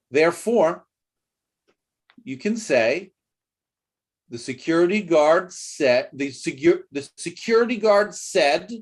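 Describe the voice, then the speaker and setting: Patient man teaching English intonation. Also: fairly high pitch. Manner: patient but firm, repeats phrases, models intonation. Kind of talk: online English lesson.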